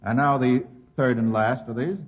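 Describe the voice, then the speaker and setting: A man moderating a 1940s radio quiz show, putting questions to the panel with brisk, amused banter. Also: mid-range voice, fairly even intonation, muffled recording.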